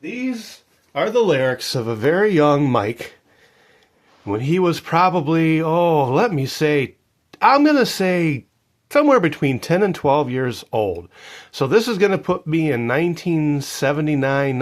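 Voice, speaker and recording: Man in his fifties, lively chatty vlog voice, slightly high, animated, jokey asides. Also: measured pace. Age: 50s. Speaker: record collector vlogger. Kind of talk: casual show-and-tell vlog.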